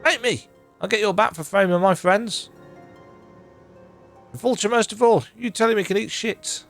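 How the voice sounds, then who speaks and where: A man's voice: sits high, moderate pace, fairly bright tone, faint music behind, voice pushed up. A man voicing a brash young male captive who spits rude insults. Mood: defiant.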